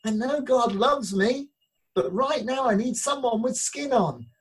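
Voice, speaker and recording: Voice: mid-range voice, expressive, unhurried, slightly rough, far from the mic, pitched above the performer's own voice, poor audio. A preacher voicing a frightened little boy calling out during a storm in a sermon anecdote. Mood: scared, pleading.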